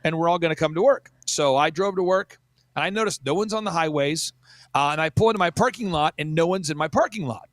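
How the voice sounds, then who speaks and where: A man talking as a guest in animated, mocking storytelling, energetic and full of quick asides. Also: a little high, no room sound. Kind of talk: animated storytelling in casual chat.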